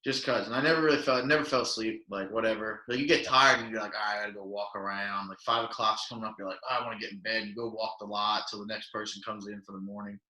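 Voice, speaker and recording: Rambling young man with a bright voice. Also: on the low side, fast talker, few pauses. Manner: rambling, filler-heavy, animated quoting. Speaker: podcast co-host. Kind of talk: casual storytelling chat. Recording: echoey room.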